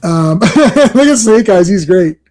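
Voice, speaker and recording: A man hosting a comic book podcast in casual chat, excitable and rambling, often laughing and restarting his sentences. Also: sits high, takes it slowly.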